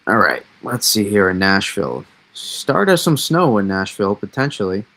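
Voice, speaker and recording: A man with a Massachusetts accent hosting a casual live weather analysis, thinking aloud in a halting way with many fillers. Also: lowish voice, big pitch swings, fairly bright tone. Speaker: weather stream host.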